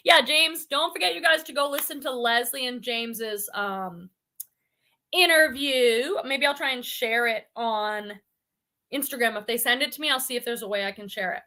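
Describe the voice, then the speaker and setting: A chatty woman from the Boston area hosts a live stream and talks casually with her viewers. Her voice sits high and sounds bright and forceful, and she laughs easily between comments. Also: animated, fairly quick. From Boston area, New England. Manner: chatty and bubbly, laughs often. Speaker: host of a reselling livestream.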